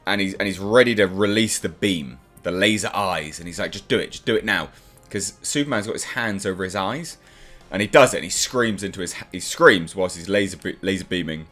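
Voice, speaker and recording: A man with a fairly low voice chats eagerly through a TV episode review, his pitch and loudness jumping as he gets excited about the scenes. He talks in a loose, casual way and slips into short acted lines from the characters. Faint music plays under his voice. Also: moderate pace. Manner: enthusiastic, chatty, acts out characters' lines. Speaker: TV reviewer, channel host.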